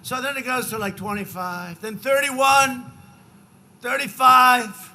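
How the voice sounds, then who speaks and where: Older man in his 70s at a rally podium, high-ish sharp voice, rambling and repeating himself, yelling numbers now and then. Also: fairly even intonation, slow pace. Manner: rambling, repetitive, conversational asides to the crowd; swings into shouted emphasis on numbers. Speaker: politician addressing a rally. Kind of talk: off-the-cuff campaign rally speech. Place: large political rally.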